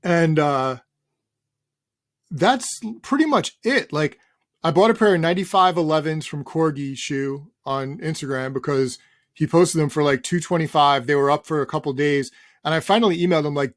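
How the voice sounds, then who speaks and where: A middle-aged man chatting casually as an interview guest, relaxed and rambling, swearing now and then. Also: fairly high pitch, a little fast, dry recording, studio quality. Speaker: guest, sneaker journalist.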